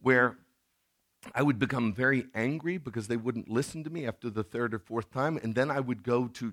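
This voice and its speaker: A middle-aged man preaching a sermon in a conversational tone, now and then acting out scenes in sudden loud bursts. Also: mid-range voice. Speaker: pastor.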